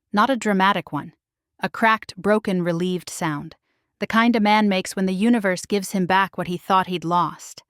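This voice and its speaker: A woman's voice: mid-range voice, fairly bright tone, smooth, no echo, studio quality. A woman narrating a first-person romance audiobook in a dramatic, intimate storytelling manner.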